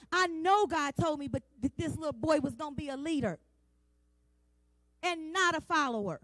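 A woman's voice: very high voice, a bit bright, no room sound. A woman in her forties preaching a sermon, passionate and emphatic, with repeated refrains and a plain, down-to-earth way of talking straight to the congregation. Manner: colloquial, talks straight to the congregation. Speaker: women's day speaker.

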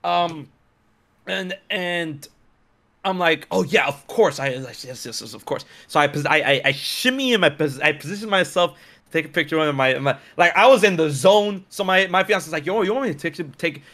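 A young man telling a story in a casual chat, excitable and slangy, with many restarts. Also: a little high, moderate pace.

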